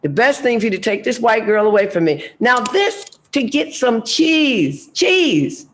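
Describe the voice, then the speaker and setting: An older American woman speaking on a panel, telling a story with emphatic, animated delivery and acting out the dialogue. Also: on the high side, measured pace, slight background noise. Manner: emphatic, animated, acts out dialogue, laughs often.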